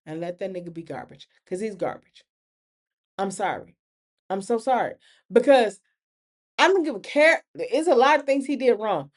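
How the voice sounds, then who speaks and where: Animated woman recapping TV shows. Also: mid-range voice, normal speed, pauses often. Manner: animated, acts out characters' lines. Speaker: podcast host. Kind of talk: casual TV recap chat.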